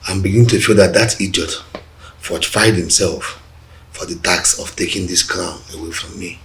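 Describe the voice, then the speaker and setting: An actor with a Nigerian accent playing a ruthless, ambitious prince who schemes in a cold, deliberate way. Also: male voice, low voice, fairly bright tone, slight background noise. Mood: bitter. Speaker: prince plotting for the crown. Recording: roomy echo with faint music.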